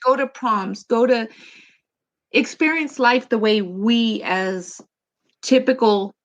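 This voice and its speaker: A woman in her forties, a mother talking as a guest in a casual interview, telling family stories in an animated way with laughs. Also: a little high, takes it slowly, muffled recording. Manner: warm, animated storytelling with laughs.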